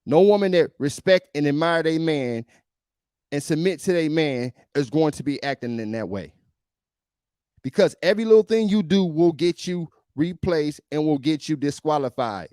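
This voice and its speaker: A man's voice: fairly high pitch, lively intonation, moderate pace, darkish tone, smooth, no room sound, studio quality. A male podcast host giving emphatic, preachy reaction commentary on a video, often repeating himself.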